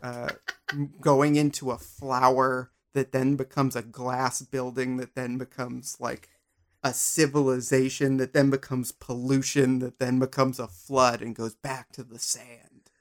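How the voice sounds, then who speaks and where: A man's voice: medium pitch, level tone, unhurried. A man hosting a casual podcast conversation, musing in a rambling, playful way. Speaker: podcast host.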